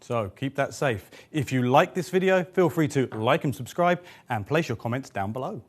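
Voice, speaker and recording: Lively upbeat male tool demonstrator. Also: medium pitch, normal speed. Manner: upbeat, explanatory presenter. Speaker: product demonstrator.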